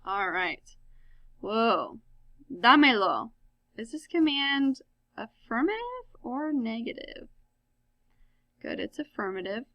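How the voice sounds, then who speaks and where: Bright, upbeat woman teaching a lesson. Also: a little high, lively intonation, slow pace, pauses often, no room sound. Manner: upbeat, asks and answers her own questions, many ums. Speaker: high school Spanish teacher. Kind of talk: recorded classroom lesson.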